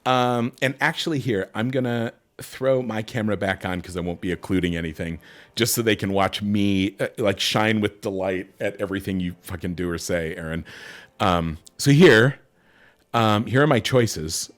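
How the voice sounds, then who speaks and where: A middle-aged man hosting a casual gameplay stream, talking excitedly, swearing and laughing. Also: on the low side, moderate pace. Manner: animated, swearing, bursts of laughter, reading aloud. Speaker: streamer host.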